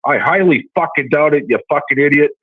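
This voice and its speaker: A man's voice: on the high side, fairly quick, slightly rough. A male caller with a Southern US accent, ranting brashly and cursing constantly. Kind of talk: profane call-in rant. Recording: tinny phone line.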